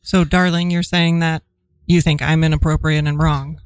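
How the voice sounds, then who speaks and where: A woman's voice: low voice, little pitch movement, normal speed, lightly acted. A woman improvising a menacing partner who carves pumpkins with a knife, sweetly threatening.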